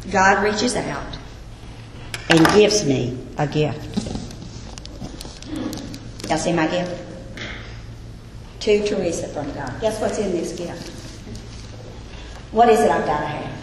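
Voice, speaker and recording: A woman with a medium-pitched, somewhat bright voice teaches a Bible lesson to a group, earnestly asking her listeners questions. The recording has a little hiss or hum, sitting in an echoey hall with long reverb and faint ambience.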